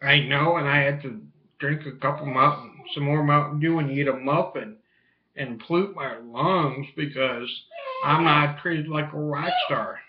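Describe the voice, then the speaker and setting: A man's voice: a little high, measured pace, a crowd in the background. A man vlogging casually, with crude, teasing banter. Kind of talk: casual vlog talk. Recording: muffled echoey room.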